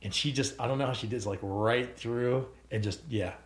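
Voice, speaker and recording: A man's voice: medium pitch, normal speed, reverberant. A man co-hosting a church podcast, chatting casually, teasing his co-host and laughing often. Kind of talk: casual chat.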